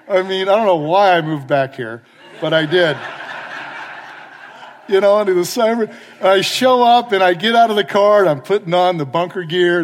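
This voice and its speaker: A man preaching a sermon, telling a lively firefighting story that drifts into scripture, acting out his own lines as he goes. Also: on the high side. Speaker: pastor and fire chaplain. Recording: long reverb of a large hall.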